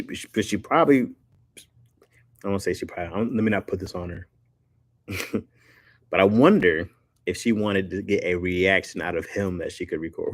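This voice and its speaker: A man's voice: low voice, no echo. A man hosting a casual live stream, talking loosely and jokingly with slang while reacting to viewer comments.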